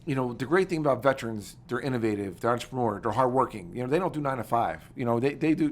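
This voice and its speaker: Fast-talking, energetic middle-aged man. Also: mid-range voice. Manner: energetic, animated storytelling that acts out quoted conversations. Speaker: guest, military veteran and former congressman. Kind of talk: casual interview storytelling.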